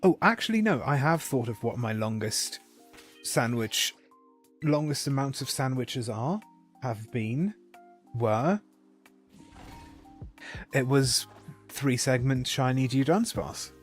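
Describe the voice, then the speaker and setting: A man's voice: mid-range voice, expressive, slow pace, pauses often, soft background music. A man chatting casually with viewers during a live game stream, rambling and correcting himself as he goes.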